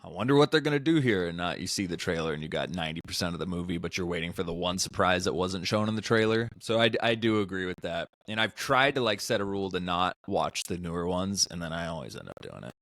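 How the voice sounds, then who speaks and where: A man hosting a casual chat podcast, rambling in a relaxed way as he leads the talk. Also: low-pitched, fast, hardly any pauses, no room sound, studio quality. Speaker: podcast host.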